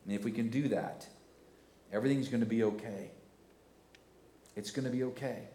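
Forties guy preaching a sermon, gets loud and fired up in bursts, mid-pitched, echoey church sound. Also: moderate pace, pauses often. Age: 40s. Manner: preaching with swells into loud emphatic passages. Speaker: pastor. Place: church sanctuary.

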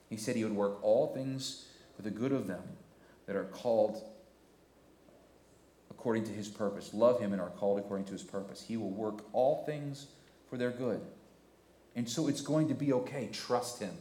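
A man in his forties preaching a sermon, swelling into loud, emphatic passages. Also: on the low side, normal speed, pauses often, echoey room. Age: 40s. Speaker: pastor. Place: church sanctuary.

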